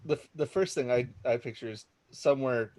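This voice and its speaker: A man's voice: mid-range voice, brisk, darkish tone. A man playing in a tabletop game, rambling and restarting, full of "like". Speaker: player. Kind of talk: casual role-play chat.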